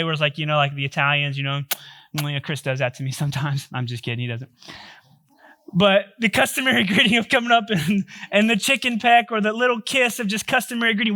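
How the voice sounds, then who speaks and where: A man's voice: high voice, bright, forceful tone. A male pastor giving a sermon, telling a story in a joking, conversational way.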